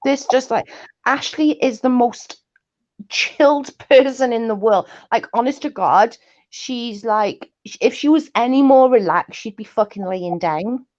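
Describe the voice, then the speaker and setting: A woman's voice: a little high, measured pace, darkish tone. A woman chatting casually on a livestream, laughing often and telling rambling stories. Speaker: guest co-host. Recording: muffled lo-fi stream audio.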